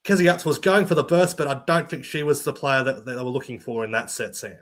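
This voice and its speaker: A man calling live sports play-by-play, rattling off names and rising to shouts on big runs. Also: medium pitch, fast talker. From Australia. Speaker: play-by-play commentator.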